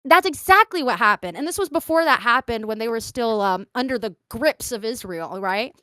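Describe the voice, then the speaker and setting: A woman's voice: on the high side, normal speed, no echo. A young woman hosting a podcast, telling stories in casual chat and acting out what other people said. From grew up in Qatar and the American South. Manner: animated storyteller, acting out quoted voices. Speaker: podcast host.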